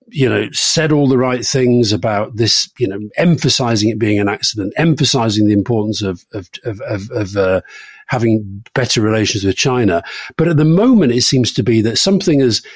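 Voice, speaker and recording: A middle-aged man co-hosts a political talk show, spinning anecdotes with animated energy. His voice sits in an ordinary middle register. The recording is close and dry, with no room around it. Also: medium pitch, husky, no echo. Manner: anecdotal, lively storytelling with laughs. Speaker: podcast co-host. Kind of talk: casual political chat.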